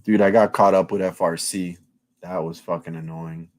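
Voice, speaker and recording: Low-voiced man rambling on a live stream. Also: fairly even intonation, moderate pace, darkish tone. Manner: loose, profane, rambling with restarts. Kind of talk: casual live-stream chat.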